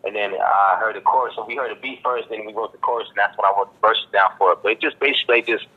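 A man from Boston, a rapper giving a relaxed interview in slangy talk full of fillers and "you dig.". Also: fairly low pitch, quick pace, husky. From Boston, Massachusetts. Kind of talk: casual interview chat. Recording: dull lo-fi line.

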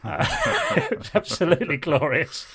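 A man's voice: a little high, huge pitch swings, moderate pace, a bit bright, slightly rough. A man co-hosting a podcast in casual chat, talkative and self-mocking, often laughing. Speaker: podcast co-host.

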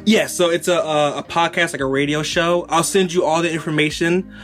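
Podcast host guy, earnest and chatty, slightly higher voice, faint music behind. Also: steady tone, brisk, fairly bright tone. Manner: earnest, appreciative and conversational. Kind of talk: casual interview.

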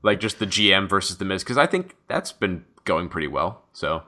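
A man with a deep voice and a bright, forceful edge, chatting casually as a show's co-host. He rambles excitedly, piles ideas on top of each other and swears freely. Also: normal speed. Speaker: podcast co-host. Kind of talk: casual chat about wrestling.

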